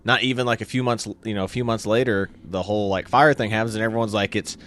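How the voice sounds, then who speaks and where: Low-voiced laid-back co-host man. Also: fairly even intonation, fast talker, a bit bright, slight background noise. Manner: laid-back, joking, trailing off. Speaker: morning show co-host. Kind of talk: casual news chat.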